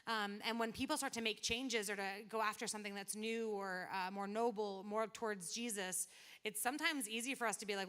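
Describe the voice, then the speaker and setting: A woman's voice: mid-range voice, fairly quick, fairly bright tone. A woman preacher giving a casual sermon, retelling scripture in chatty everyday language with quoted asides.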